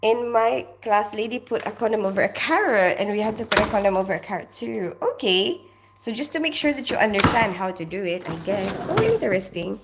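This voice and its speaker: A woman's voice: fairly high pitch, background noise. A woman who grew up in the Philippines, casually chatting on a live stream, reading out comments and greeting viewers by name while laughing often. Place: home in North London.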